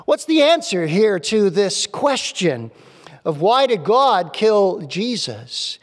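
A male pastor preaching a sermon in a church, emphatic and repeating key phrases slowly. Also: sits high, very animated. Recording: long reverb of a large hall.

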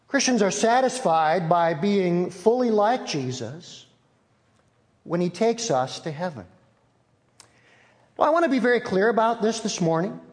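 A man preaching a sermon as pastor, telling a story in an earnest, measured way. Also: sits high. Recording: long reverb of a large hall.

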